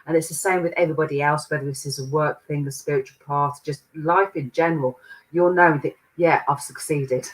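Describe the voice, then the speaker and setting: A woman's voice: deep voice, steady tone, a little fast. A woman channels spirit guides in a loose, meandering way. Her talk keeps slipping into chanted light-language syllables and easy laughter. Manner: rambling, laughs often, drifts into chanted syllables.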